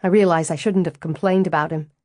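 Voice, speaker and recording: A woman plays a tightly wound young widow in an audiobook, careful and apologetic in every word. The voice sits low and the sound is dry and close. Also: fairly even intonation, fast talker, darkish tone, no room sound, close to an everyday voice.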